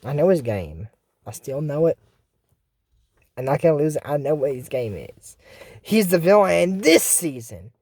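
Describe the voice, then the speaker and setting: A vlogger casually recapping a cartoon episode in a chatty, excitable way, full of fillers and restarts. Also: mid-range voice, normal speed, pauses often, no room sound, studio quality. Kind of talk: casual rambling recap commentary.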